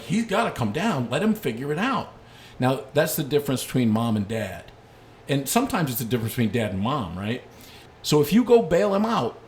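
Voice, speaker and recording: Man, middle-aged, dog trainer, casual instructional talk, storytelling, faint background noise. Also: mid-range voice. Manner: storytelling with lively anecdotes.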